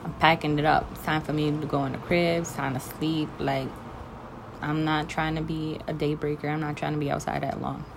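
A woman's voice: low-pitched, little pitch movement, fairly quick, gravelly, noisy background. A young woman ranting bluntly and emphatically to the camera in a casual vlog. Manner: blunt, emphatic, talks straight to the listener. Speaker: vlogger.

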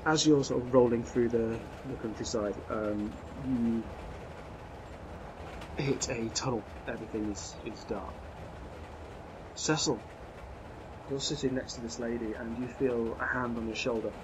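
A man narrating as game master of a tabletop role-playing game, describing scenes with frequent pauses and restarts. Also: medium pitch, fairly even intonation. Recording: dull lo-fi sound, faint noise.

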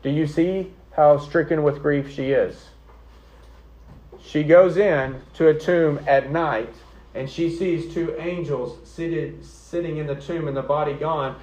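A man's voice: a little high, fairly even intonation, slow pace, a little mellow, low-quality recording. A man preaching an earnest, conversational sermon, often checking in with the congregation. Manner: earnest, conversational preaching with frequent "okay?" and "right?". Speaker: pastor.

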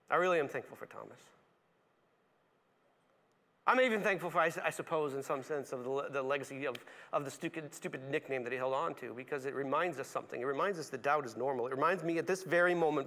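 A male pastor preaching a sermon, animated, acting out characters in quick voices and dropping to a soft, low tone for reflective points. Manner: animated, acts out voices of characters with big pitch swings.

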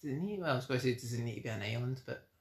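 A man's voice: mid-range voice, lively intonation, racing, reverberant. A Scottish man co-hosting a podcast, chatting casually with dry, teasing banter. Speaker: podcast co-host. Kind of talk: casual chat.

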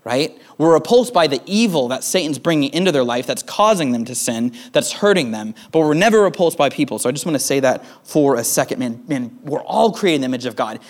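A young man preaching a conversational sermon as pastor, casual and relaxed, often tagging his points with "right?" and "man.". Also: medium pitch, fairly quick, hardly any pauses.

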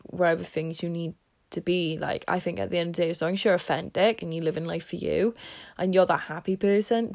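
A woman with a somewhat low-pitched voice talks in a rambling, upbeat motivational way. She often sinks into a hushed whisper mid-thought. Her tone stays casual and personal, like a podcaster chatting to her listeners. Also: creaky. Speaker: podcaster and consultant.

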